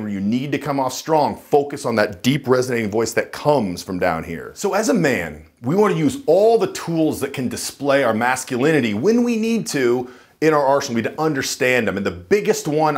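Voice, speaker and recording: An animated, lively-pitched man talks straight to camera as a coach. He is emphatic and now and then sinks into a deep chest voice to show the difference. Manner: emphatic, drops into a low chest voice to demonstrate. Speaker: dating and voice coach. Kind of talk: instructional talk to camera.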